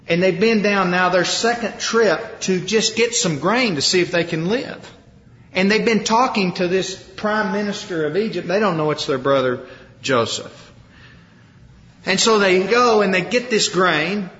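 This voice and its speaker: A man preaching a sermon, retelling a story with lively acted-out quotes. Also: high-pitched. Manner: animated storytelling, acting out quoted lines. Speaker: pastor. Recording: roomy hall, dull lo-fi sound.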